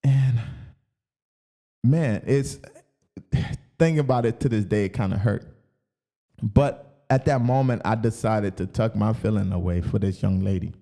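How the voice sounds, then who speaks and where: Young male podcast host, low mellow voice, candid and emotional storytelling. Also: measured pace, vocal fry, long pauses. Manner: candid, emotional retelling with many "you know" fillers. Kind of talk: personal storytelling.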